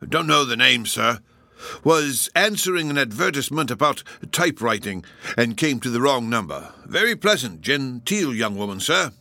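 A man's voice: medium pitch, very animated, normal speed, sharp tone, no room sound, pitched above the performer's own voice, full character voice. A man voicing a nervous, apologetic police constable who stammers and defers to his superiors. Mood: sheepish.

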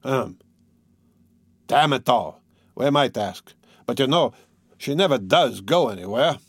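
A man's voice: medium pitch, lively intonation, measured pace, husky, dry recording, studio quality. A man reading a story aloud, voicing an impatient, grumbling grown man.

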